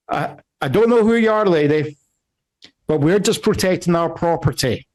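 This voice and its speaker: A man's voice: on the high side, pitched above the performer's own voice, close to an everyday voice. A man voicing a defensive armed man who guards his property from a balcony during a riot. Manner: gruff, defensive, shouting.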